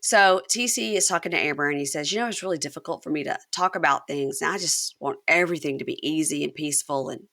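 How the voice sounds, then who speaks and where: Low, bright-voiced woman recapping reality TV. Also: fast talker, hardly any pauses. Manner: animated retelling, acts out quotes. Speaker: podcast host. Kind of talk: casual recap chat.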